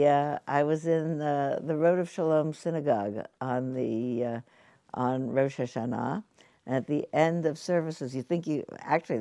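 Older woman with a low, gravelly voice. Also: mellow, no room sound. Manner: conversational, musing, with many fillers and restarts. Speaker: meditation teacher. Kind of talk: dharma talk. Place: meditation hall.

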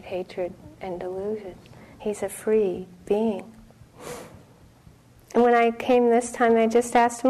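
Gentle woman giving a dharma talk. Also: mid-range voice, gravelly, slight background noise, poor audio. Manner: gentle and conversational, with frequent laughter and soft whispered asides. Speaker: meditation teacher.

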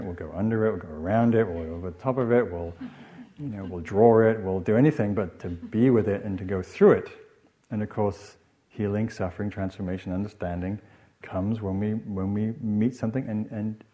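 A man's voice: fairly low pitch, mellow. A middle-aged man from northern England, giving a reflective dharma talk as a meditation teacher, with frequent "you know" asides.

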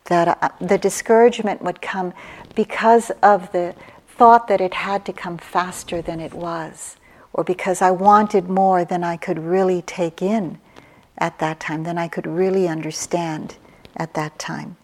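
A woman meditation teacher giving a dharma talk, slow and reflective, with soft pauses and restarts. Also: on the low side, steady tone. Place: meditation retreat hall.

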